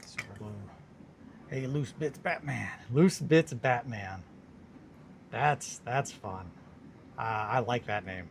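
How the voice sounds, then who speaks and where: A man's voice: mid-range voice, a little hiss or hum. A tired man in a casual, rambling chat while painting miniatures on a stream. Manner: rambling, laid-back, talks to himself and his pets.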